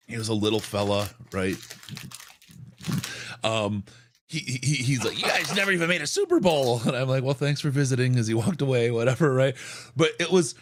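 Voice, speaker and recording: Animated, hoarse male podcast co-host with a lot of pitch swing. He tells stories excitedly and repeats words. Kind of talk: excited storytelling.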